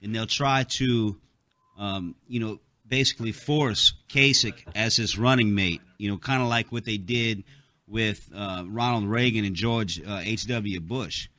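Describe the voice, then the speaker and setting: A man's voice: on the low side, unhurried, pushed and bright, dry recording. A man hosting a talk radio show, rambling through a casual monologue with many fillers, and he has the hiccups.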